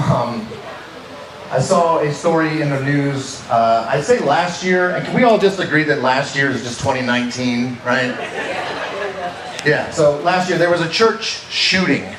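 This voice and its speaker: A man with a fairly high voice, heard from afar, does a conversational stand-up set in a comedy club, checking in with the live crowd by saying "right?" again and again. The live room sounds spacious, with a little faint noise.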